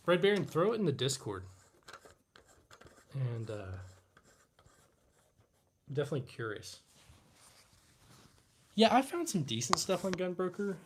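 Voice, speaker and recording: A man's voice: fairly high pitch, slight background noise. A young man hosting a casual live Q&A stream, rambling and reading chat aloud with lots of fillers. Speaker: livestream host.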